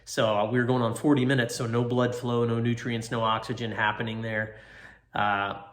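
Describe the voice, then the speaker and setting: A man's voice: mid-range voice, flat delivery, moderate pace, a bit bright, roomy sound. A man casually telling a long story in a rambling, self-deprecating way. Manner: rambling, self-deprecating, quotes people in their own voices. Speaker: motorcycle track rider recounting a crash.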